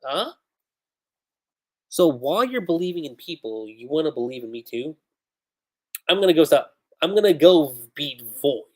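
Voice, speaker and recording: A determined young hero read aloud at a quick clip by a reviewer recapping a chapter. The pitch moves around a lot and the lines come out brisk and plain. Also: very animated, darkish tone.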